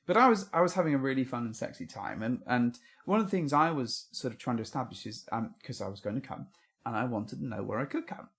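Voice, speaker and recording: Guy cohost at home, earnest, rambles on, thinks out loud. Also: medium pitch, animated, fast talker, gravelly. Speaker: podcast co-host. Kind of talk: casual chat. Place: home room. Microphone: podcast microphone.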